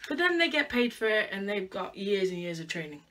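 Styling her hair at home, a young vlogger from the UK muses aloud in a chatty, self-deprecating way. She speaks briskly in a medium pitch, very animated and a bit bright.

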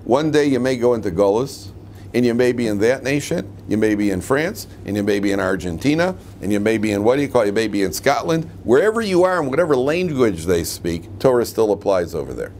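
Joking rabbi teaching a class. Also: male voice, mid-range voice, big pitch swings, fairly quick, a little mellow, slight background noise. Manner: joking, asks the class questions. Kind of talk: humorous classroom lecture. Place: classroom with students.

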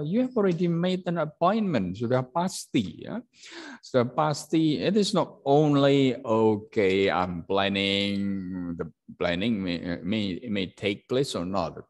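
Halting Indonesian-accented male teacher. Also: fairly low pitch. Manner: halting, many fillers, acts out example sentences loudly. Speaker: English teacher. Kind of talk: classroom teaching.

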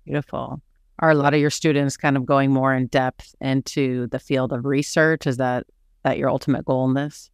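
A man's voice: medium pitch, level tone, normal speed, clean tone. A man in a mid-range voice hosts a casual interview and stays engaged, steering the talk with follow-up questions. The sound is dry and close, with no room echo. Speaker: host.

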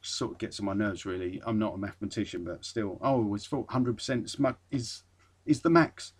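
A man's voice: lowish voice, a little fast, breathy edge. A man hosting a podcast, reading an old article aloud and breaking off with dry, wry asides. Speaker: podcast host.

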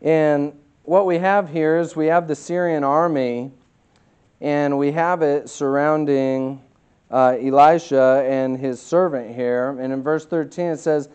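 A man pastor teaching a Bible study in a casual, conversational way, with many fillers and lively bursts of emphasis. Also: on the high side, unhurried, smooth, dull audio. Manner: conversational, many fillers, reads scripture aloud; animated, acts out voices with bursts of emphasis.

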